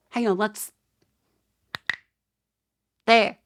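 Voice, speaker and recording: A young Australian woman talks casually to her live-stream chat. She rants in an exasperated way and swears freely, with a mid-pitched voice. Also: moderate pace, pauses often.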